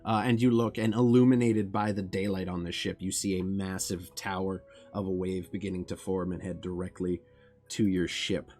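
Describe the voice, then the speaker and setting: Low-voiced man running a tabletop game. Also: level tone, normal speed, darkish tone, faint music behind. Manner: descriptive, with filler restarts. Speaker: game master.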